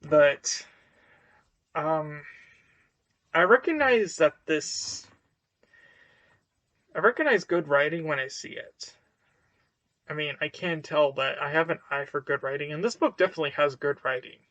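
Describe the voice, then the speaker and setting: A man's voice: fairly high pitch, animated, measured pace, long pauses, a bit bright, no room sound. A man giving a casual book review to camera, hesitant and full of fillers and restarts.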